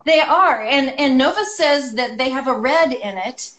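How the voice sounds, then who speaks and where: A woman with a fairly high voice talks over a video call, full of enthusiasm and filler words. She is a guest artist from California in a relaxed chat. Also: a little slow. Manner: enthusiastic, chatty, many ums. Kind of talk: casual chat.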